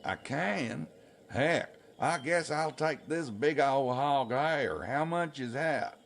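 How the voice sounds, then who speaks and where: A man's voice: fairly high pitch, takes it slowly, vocal fry, voice pushed up. A man putting on a drawling folksy rural tourist. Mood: hammy folksy. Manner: drawling, hammy folksy twang. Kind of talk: video game voice acting.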